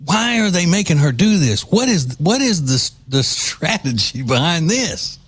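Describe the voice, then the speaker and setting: A man's voice: a little high, very animated, unhurried, slightly rough. A man hosting a commentary podcast, talking in a chatty, sarcastic, mocking way about a clip he plays. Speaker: podcast host.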